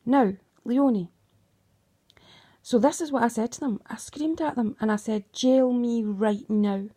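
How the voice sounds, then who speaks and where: A woman's voice: a little high, moderate pace, dark tone, husky. Accusing middle-aged woman. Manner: accusing, emphatic, keeps asking "right?". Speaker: mother. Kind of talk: emotional recounting monologue.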